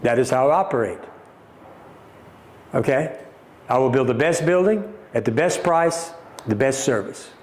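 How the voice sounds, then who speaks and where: A man's voice: medium pitch, lively intonation, a little slow, long pauses. A middle-aged man with a Southern American accent, hosting a livestream and answering viewer comments in a combative, emphatic way. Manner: combative, emphatic, repeats points, addresses viewers as folks. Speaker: company CEO hosting a livestream. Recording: echoey room.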